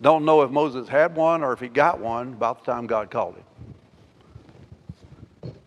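A male pastor preaching a sermon. He swings between loud, emphatic declarations and quiet, intimate asides, and asks the congregation rhetorical questions. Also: mid-range voice, slow, muffled recording. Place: church sanctuary. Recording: long hall reverb.

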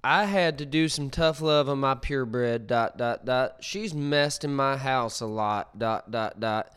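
A man's voice: medium pitch, unhurried, a bit bright, clear, resonant tone, lightly acted. A man reading out a woman's online post about harsh dog training in a slightly raised imitation voice. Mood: blunt. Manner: blunt, self-assured reading of an online post.

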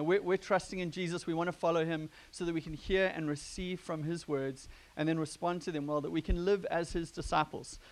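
Gravelly-voiced man preaching casually. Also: a little high. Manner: conversational, joking with the congregation. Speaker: pastor. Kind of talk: sermon. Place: church gathering.

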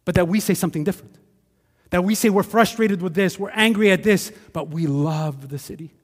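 A high-pitched man with a Quebec accent preaches in a casual, conversational way, dropping into quick acted asides. His voice rings out with a long reverb tail, as if filling a large church sanctuary. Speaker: pastor. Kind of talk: sermon.

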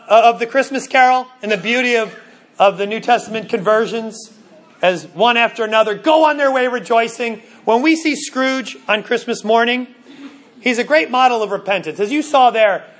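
Earnest high-voiced preacher. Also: male voice, a bit bright. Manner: earnest, stumbling restarts, slows for emphasis. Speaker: pastor. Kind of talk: sermon.

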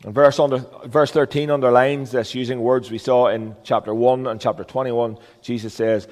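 A man's voice: mid-range voice, steady tone, moderate pace, hardly any pauses, a little mellow, big-room sound. A man preaching a sermon as a pastor, earnest and emphatic, with rhetorical questions.

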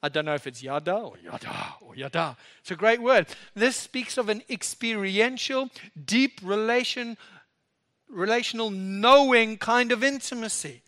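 A man preaching a sermon, swinging between loud emphasis and soft, low asides. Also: unhurried.

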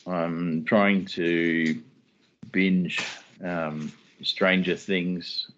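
A man's voice: sits low, normal speed, a bit bright. A man co-hosting a casual chat podcast about scripture, joking and chuckling through loose, rambling asides. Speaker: podcast co-host. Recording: dull lo-fi sound.

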